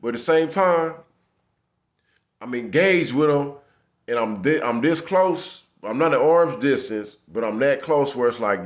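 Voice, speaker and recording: A man recounting a tense run-in on the street, talking loosely in heavy profane slang. He acts out both sides of the exchange in quoted lines. His pitch sits in a middle range for a man. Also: expressive, measured pace. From Los Angeles area. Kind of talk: casual storytelling.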